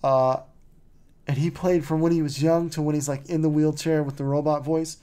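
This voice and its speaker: Mellow-voiced man rambling casually as podcast host. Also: a little high, level tone, normal speed, clean tone. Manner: rambling and offhand, full of "like" and "you know"; wry, mocking asides. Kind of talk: casual chat.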